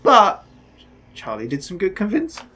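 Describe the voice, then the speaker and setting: A man's voice: high voice, normal speed, crowd noise. A man co-hosting a TV reaction video, chatting casually, laughing often and acting out lines from the show. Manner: animated, laughs often, acts out quotes. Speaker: co-host of a TV reaction channel.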